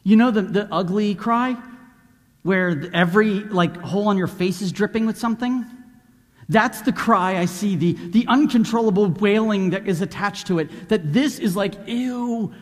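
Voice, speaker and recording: A man preaching a sermon in an animated way, acting out the voices of the people in the story. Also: high-pitched, moderate pace, long reverb tail. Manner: animated, acts out voices of Bible figures.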